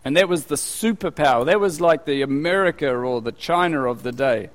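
A male preacher giving a conversational, animated sermon with acted asides. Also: fairly high pitch, brisk, in a large hall.

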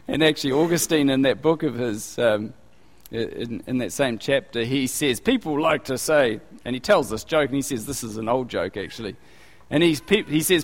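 A male preacher giving a conversational, animated sermon with acted asides. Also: on the high side, fairly quick, big-room sound.

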